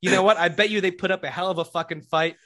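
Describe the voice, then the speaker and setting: Excitable, foul-mouthed man reviewing shows. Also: high voice, rapid-fire. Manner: excitable, profane, acts out quotes in voices. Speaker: podcast co-host. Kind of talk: casual pop-culture review chat.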